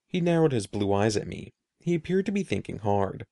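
A man reading a children's story aloud in an expressive, animated way. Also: on the low side, fairly quick, no room sound, studio quality. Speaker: narrator.

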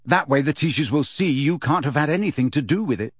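A man's voice: on the high side, expressive, fast talker, slightly rough, no room sound, clean studio sound. A man voicing a cool, mischievous teenage boy who teases and plots pranks. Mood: teasing. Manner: cool, teasing.

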